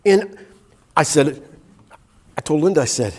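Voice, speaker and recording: An older man giving a personal testimony in church. He tells his story with a husky voice, acting out what was said and laughing at himself. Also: a little high, lively intonation, a little slow.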